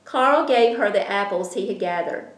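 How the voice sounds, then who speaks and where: A woman reading a children's storybook aloud, with an expressive delivery. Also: medium pitch, moderate pace. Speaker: reader. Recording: roomy echo.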